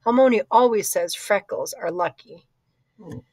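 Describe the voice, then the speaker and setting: A woman's voice: mid-range voice, normal speed, a little mellow, no room sound. A woman narrating a children's book in first person, conversational with occasional slips and asides. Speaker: audiobook reader.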